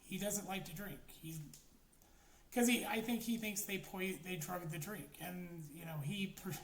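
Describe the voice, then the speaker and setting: A woman talks through a film review in loose, excitable bursts, swearing freely and trailing off mid-thought. Her voice bounces around a roomy space with a faint hiss of background noise underneath. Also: on the low side, a little slow. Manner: profane, rambling, excitable. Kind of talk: casual spoken movie review.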